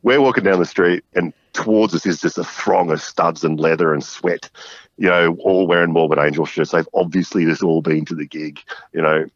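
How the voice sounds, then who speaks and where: A man, a musician guest, telling animated stories with frequent laughs and impressions of people. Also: low voice, moderate pace, no echo, muffled recording. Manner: animated anecdotes, laughs often, mimics people. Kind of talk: casual storytelling chat.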